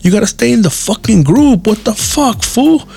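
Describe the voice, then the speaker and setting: A rowdy grown man hollers at a group of kids, profane and full of slang, his voice pushed high above his normal talk. The sound stays gravelly underneath, as a man hams it up. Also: animated, moderate pace, dark tone, heavily acted.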